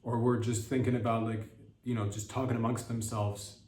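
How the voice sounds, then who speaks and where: A man's voice: medium pitch, little pitch movement, normal speed, a little mellow. A young man hosting a comedy podcast, rambling through a sarcastic monologue and trailing off mid-thought. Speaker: podcast host. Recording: roomy sound, mic at a distance.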